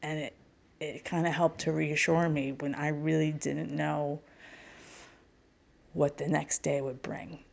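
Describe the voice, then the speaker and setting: Candid middle-aged woman with vocal fry. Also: low-pitched, level tone, unhurried, pauses often. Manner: candid, wry, self-mocking humor. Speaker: podcast guest, spiritual healer. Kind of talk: personal storytelling.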